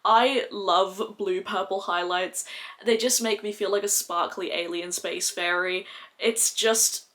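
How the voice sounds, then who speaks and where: A woman's voice: mid-range voice, steady tone, slow pace, fairly bright tone. A woman beauty vlogger chatting casually and gushingly about makeup, with lots of "like". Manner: gushing, chatty, heavy use of "like". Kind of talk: casual makeup review chat.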